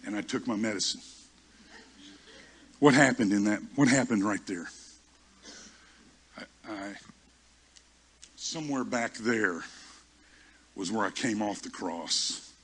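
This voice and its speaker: Husky male preacher telling stories. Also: fairly low pitch, a bit bright. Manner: storytelling, self-mocking, halting restarts. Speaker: pastor. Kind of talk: sermon with personal stories.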